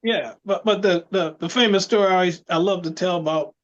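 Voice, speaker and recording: A man's voice: high-pitched, quick pace, muffled recording. A man co-hosting a casual chat show, telling stories with lots of laughter. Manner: storytelling, animated, laughs often. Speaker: podcast co-host.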